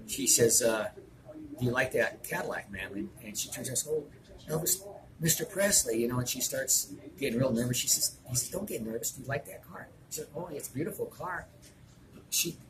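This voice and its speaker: Older man telling rambling stories. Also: mid-range voice. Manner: rambling, full of "uh" and "I mean". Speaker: restaurant owner. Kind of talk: anecdotal storytelling to an interviewer. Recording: noisy room ambience.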